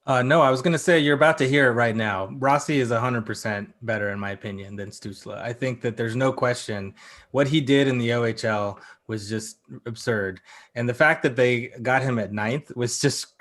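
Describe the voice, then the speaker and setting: A man's voice: mid-range voice, normal speed, fairly bright tone. A man talking as a podcast guest in a casual, opinionated chat, restarting his sentences and hedging often. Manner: opinionated, frequent restarts and hedges.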